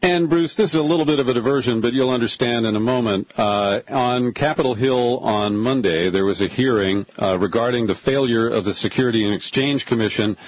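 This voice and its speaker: A man's voice: medium pitch, fairly quick, hardly any pauses, dry recording, lo-fi sound. An older man hosting a talk radio show, chatting with a guest in an easygoing, conversational way.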